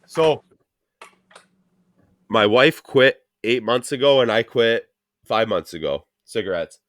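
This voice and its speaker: A man's voice: mid-range voice, animated, a bit bright, dry recording. Blunt swearing male podcast host. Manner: blunt, heavy swearing, fast ranting. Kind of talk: casual profane chat.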